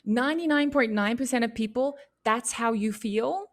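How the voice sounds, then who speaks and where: A woman's voice: a little high, moderate pace. Chatty woman answering questions, upbeat and encouraging, lots of likes and you knows. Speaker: youth leadership session speaker.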